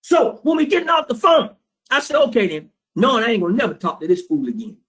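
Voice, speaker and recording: High-voiced streetwise man telling a story. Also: wildly swooping pitch, fast, fairly bright tone. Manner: streetwise, blunt, profane, quotes both sides of a phone call. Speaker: trading class instructor. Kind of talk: storytelling lecture to students.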